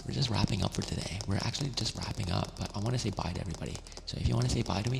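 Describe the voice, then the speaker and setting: A man streaming ASMR, talking gently and affectionately, laughing often and slipping between a whisper and a soft voice. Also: lowish voice, very fast, vocal fry, hardly any pauses, in a large hall, background noise.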